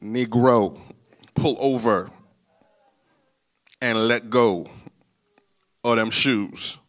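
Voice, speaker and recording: A man voicing the Lord as a stern, commanding male deity who speaks in blunt, deadpan orders. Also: mid-range voice, very slow, voice pushed down.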